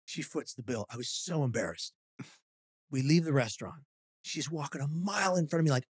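A man's voice: fairly high pitch, brisk, slightly rough, no echo, clean studio sound. A man, a podcast guest telling a funny story with acted-out quotes. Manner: animated storyteller, acting out quotes.

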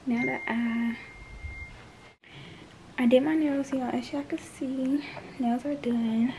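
A woman's voice: high voice, fairly even intonation, takes it slowly. Chatty teen girl, half-whispering. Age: late teens. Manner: chatty, often drops to a whisper. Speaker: vlogger. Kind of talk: casual vlog chat to camera. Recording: noisy phone recording.

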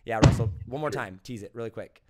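A man hosting a casual interview podcast, hyped and promotional as he pushes a book and moves into quick questions. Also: mid-range voice, very noisy. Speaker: podcast host.

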